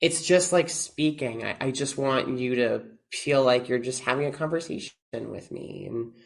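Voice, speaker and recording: A man of middle pitch talks as a guest in a casual podcast interview. He is animated and restarts his sentences often. He acts out the advice he gives his students. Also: normal speed, gravelly. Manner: animated, quotes himself to students, many restarts. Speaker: oboe professor, interview guest.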